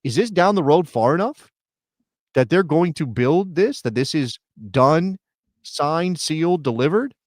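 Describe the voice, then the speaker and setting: A middle-aged man co-hosting a soccer talk show, chatting casually and thinking out loud with rhetorical questions. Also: on the high side, animated, unhurried, no echo, studio quality. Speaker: soccer podcast co-host. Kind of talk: casual chat.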